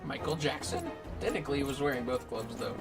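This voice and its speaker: A woman's voice: rumbling low, big pitch swings, quick pace, music in the background. A woman streamer casually reacting to a game, laughing and swearing as she plays. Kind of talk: casual livestream commentary.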